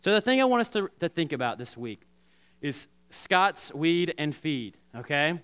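Bright-voiced, animated man preaching. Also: on the high side, normal speed, clear, resonant tone. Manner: animated, repetitive restarts, addresses congregation directly. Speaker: pastor. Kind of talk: sermon.

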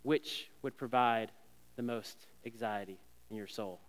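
A man's voice: medium pitch, measured pace. A man in his thirties preaching an earnest sermon as a pastor, often stumbling over repeated words. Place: church sanctuary. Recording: long reverb of a church hall.

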